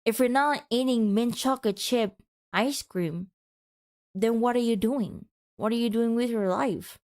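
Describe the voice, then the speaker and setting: A woman's voice: a little high, measured pace, a little mellow. A woman streamer giving a mock-passionate, teasing rant to her chat in a playful, dramatic way.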